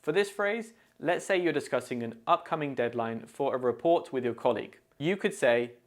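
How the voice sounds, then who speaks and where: A man with a British accent presenting a scripted English idiom lesson, explaining each phrase clearly and modelling its pronunciation. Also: medium pitch. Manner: clear, deliberate, pronunciation-focused teaching. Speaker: English teacher.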